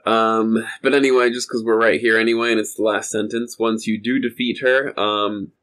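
A man's voice: lowish voice, flat delivery, moderate pace, a bit bright, poor audio. A man co-hosting a casual video game podcast, talking in a rambling, hesitant way with many fillers. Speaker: podcast co-host. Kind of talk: casual game review chat.

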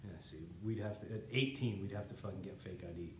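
A man's voice: fairly low pitch, fast, darkish tone, slight background noise. A young man telling a long rambling story in casual chat, swearing often. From Canada. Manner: rambling, swears a lot, laughs through the story. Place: living room. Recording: echoey room.

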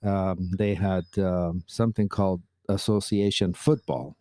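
A man's voice: low-pitched, fairly even intonation, a little slow, warm tone, dry recording. A man co-hosting a podcast, chatting casually and telling stories with frequent laughs. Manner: chatty storyteller, laughs often. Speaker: podcast co-host. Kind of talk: casual chat.

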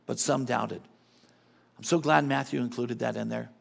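A man's voice: mid-range voice, fairly even intonation, moderate pace, gravelly, slightly rough. A middle-aged man preaching a sermon as a guest speaker, emphatic and casual, often repeating his phrases.

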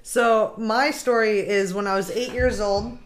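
A woman hosts a casual podcast and tells a story. She is animated and acts out the lines of the people in it, and her pitch sits in a middle range. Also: a little slow. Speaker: podcast host.

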